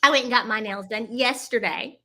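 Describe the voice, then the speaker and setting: A woman co-hosting a casual chat, lively and talking straight to her audience. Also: fairly high pitch, fairly quick. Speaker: co-host.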